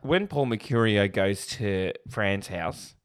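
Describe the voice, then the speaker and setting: A man's voice: lowish voice, slow, clean tone. A man co-hosting a casual film podcast, joking and swearing freely. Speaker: podcast co-host.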